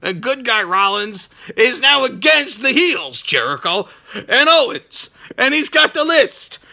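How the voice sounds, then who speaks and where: A man hosting a wrestling reaction show, ranting loudly and sarcastically and swearing constantly. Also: very high voice, sing-song, a little slow, vocal fry. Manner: loud, sarcastic, swears constantly, shouts often. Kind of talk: profane ranting review.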